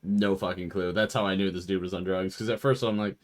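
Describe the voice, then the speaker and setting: On a game stream, a young let's play streamer spins a long story in casual chat, swearing freely and mimicking the people involved with voiced quotes. His voice is deep and fairly quick, and the storytelling is animated.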